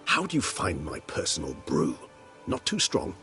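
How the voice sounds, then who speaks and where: A man's voice: very deep voice, wildly swooping pitch, moderate pace, creaky, pushed and bright, full character voice. An actor playing a refined, ironic male vampire in a video game, with eloquent, theatrical phrasing. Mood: genial. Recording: game audio with music underneath. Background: music.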